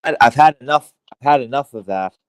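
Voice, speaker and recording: An Irish man talking as a podcast guest in casual chat, rambling with heavy swearing, halting restarts and fillers. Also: medium pitch, expressive, smooth, no room sound.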